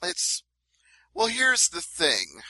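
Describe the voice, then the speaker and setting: A man's voice: high voice, wildly swooping pitch, drawn-out words, pushed and bright, dry recording, low-quality recording. A man co-hosting a casual fight-sports podcast, laying out events step by step with emphasis. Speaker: podcast co-host. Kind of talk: casual MMA talk.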